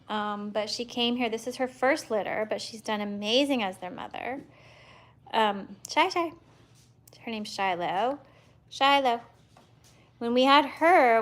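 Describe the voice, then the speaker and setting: At home among a litter of puppies, a woman who breeds dogs runs a casual livestream, her fairly high voice rambling along with fillers and restarts. Every so often she breaks off to coo baby talk at her dogs.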